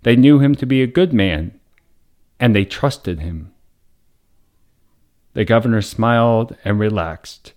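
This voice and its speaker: A man, a priest hosting the show, reading a wholesome story aloud in a measured, dramatic storytelling voice. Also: on the low side. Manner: measured, dramatic storytelling with raised voice for quoted shouts. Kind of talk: scripted story narration.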